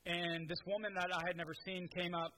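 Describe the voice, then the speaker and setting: A man's voice: high voice, level tone, fairly quick, background noise. A man preaching a sermon, telling stories in a conversational way with many restarts. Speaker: pastor.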